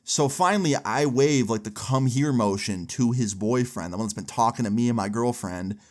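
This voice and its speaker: A young man casually telling a story, animated and swearing often, with lots of "like". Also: mid-range voice, normal speed. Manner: animated, swears a lot, frequent "like".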